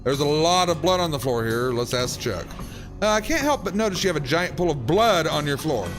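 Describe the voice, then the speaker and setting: A male streamer reading game text aloud, with a very lively, swooping pitch and wry comments in between. Soft game music plays underneath. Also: a little fast.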